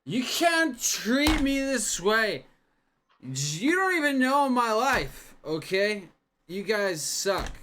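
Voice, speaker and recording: A man's voice: high voice, sing-song, slow, sharp tone, voice pushed up, heavily acted. A man voicing a self-pitying drunk man in a tabletop game, slurring and petulant. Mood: sulky.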